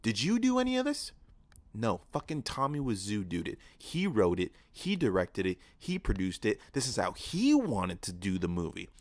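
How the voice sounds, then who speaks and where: Young guy rambling on his podcast, low voice, swears constantly, dead dry sound. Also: moderate pace, hardly any pauses, dry recording. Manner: profane, animated ranting with mocking voices. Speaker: podcast host. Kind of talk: casual solo podcast rant. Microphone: podcast microphone.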